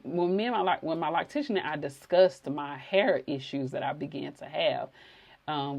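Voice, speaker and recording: A woman's voice: low voice, vocal fry, darkish tone. A woman hosting a podcast, telling a personal story in a conversational way and acting out quoted dialogue. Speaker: podcast host.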